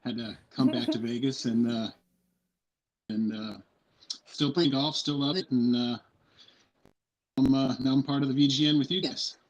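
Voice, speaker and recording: A man's voice: medium pitch, steady tone, normal speed, long pauses, muffled recording. A man from California, a podcast co-host telling his story in a laid-back, rambling way over a phone. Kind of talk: casual podcast chat.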